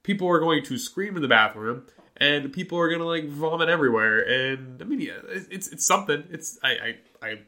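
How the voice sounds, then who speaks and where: Bright-voiced man telling a story. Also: fairly high pitch, brisk. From Montana, USA. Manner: animated, acts out quoted voices in his stories. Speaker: podcast host. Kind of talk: casual podcast storytelling.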